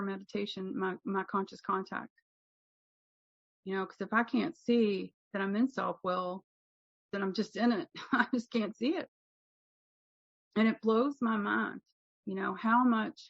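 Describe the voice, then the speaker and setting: A woman's voice: mid-range voice, fairly bright tone. A woman from Kentucky talks candidly at a recovery meeting, poking fun at herself and restarting her sentences as she goes. The recording sounds dull and a little muffled, with a dry, close feel and no room echo. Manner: candid and self-mocking, with frequent restarts and laughs. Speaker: guest speaker at a recovery meeting. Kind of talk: personal share at a speaker meeting.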